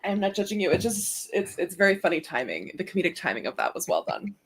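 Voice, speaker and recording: A woman's voice: lowish voice, sing-song, fast, gravelly, slight background noise. A woman co-hosting a casual writing stream, chatting playfully and reading out chat updates. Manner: giggly, playful, reads chat names aloud. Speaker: streamer co-host.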